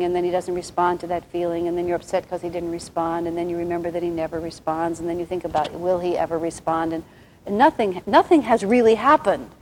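A soft-spoken woman giving a reflective, rambling spiritual talk, with many restarts. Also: on the low side, a little hiss or hum, rough recording.

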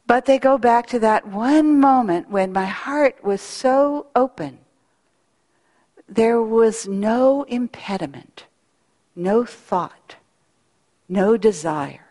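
Middle-aged woman, spiritual speaker; unhurried, reflective delivery; hall reverb. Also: fairly high pitch, expressive, darkish tone. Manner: earnest, reflective, slow pauses. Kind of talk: devotional talk with storytelling.

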